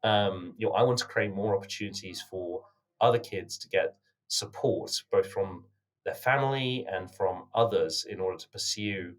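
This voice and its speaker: Low-voiced British man, earnest guest. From United Kingdom. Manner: measured and earnest, many "you know" fillers. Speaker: podcast guest, company founder. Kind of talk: conversational interview answers.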